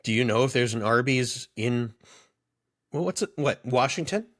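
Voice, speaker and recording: A man's voice: medium pitch, moderate pace. Rambling, amused man in his thirties. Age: 30s. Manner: rambling storyteller, amused and animated. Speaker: podcast co-host. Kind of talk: casual chat.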